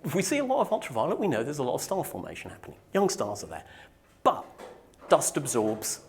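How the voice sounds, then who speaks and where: A man's voice: medium pitch, huge pitch swings, fast, soft background music. A man from Norfolk, giving a technical conference talk to a live audience in a joking, self-deprecating way. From Norfolk, England. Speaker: conference speaker.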